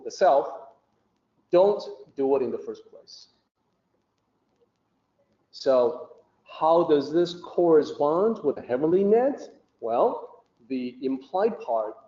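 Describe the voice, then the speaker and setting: Male teacher, mellow tone, unhurried chatty explainer, roomy dull-sounding recording. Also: medium pitch. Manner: patient, conversational, with many fillers. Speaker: teacher of Taoist philosophy. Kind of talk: explanatory podcast talk. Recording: muffled and roomy.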